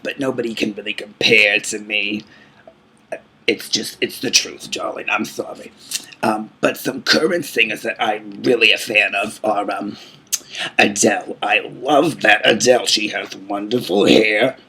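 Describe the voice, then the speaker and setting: A man plays a grand, aging female singing diva in a comedy vlog, boasting and purring "darling" at everyone. The voice sits on the low side with a bright, forceful edge and plenty of gravelly fry. Her manner is theatrical and full of herself. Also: slight background noise, exaggerated voice, low-quality recording. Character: vain aging female diva singer, grandly self-adoring. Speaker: channel host answering fan questions.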